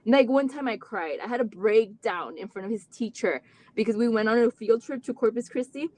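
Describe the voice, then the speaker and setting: Fairly high in pitch and moderately paced, a mother speaks as a parent guest in a live interview, giving a candid, earnest and heartfelt account of her family's story. She strings together long run-on sentences packed with "like" and becomes animated as she recounts conversations.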